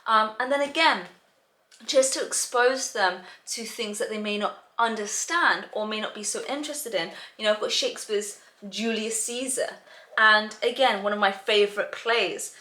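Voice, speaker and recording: A woman's voice: mid-range voice, moderate pace, sharp tone. A woman tutor explaining to parents how to prepare children for reading exams, talking in a chatty way full of "um" and "you know". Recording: roomy echo.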